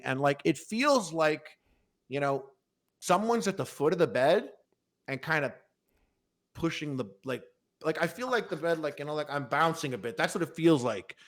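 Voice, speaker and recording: A man's voice: fairly high pitch, expressive, normal speed, fairly bright tone. A man telling a long, rambling story on a podcast in casual chat, swearing freely and full of fillers. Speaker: podcast panelist.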